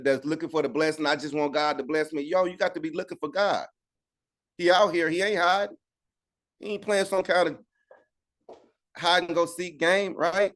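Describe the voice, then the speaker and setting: A man teaching an informal Bible study on a video call, talking conversationally and asking "right?" again and again. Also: on the high side. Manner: conversational, repeats "right?" for agreement.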